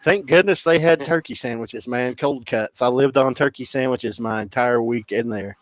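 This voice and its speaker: A man guesting on a podcast, telling a story in a lively, profane, casual way. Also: medium pitch, moderate pace, dry recording. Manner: animated, profane, mimics others.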